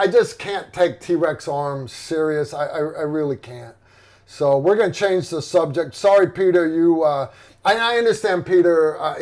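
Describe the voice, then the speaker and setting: A man's voice: a little high, darkish tone. A middle-aged man hosting a livestream in casual chat, rambling and blunt with lots of fillers and restarts. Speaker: livestream host.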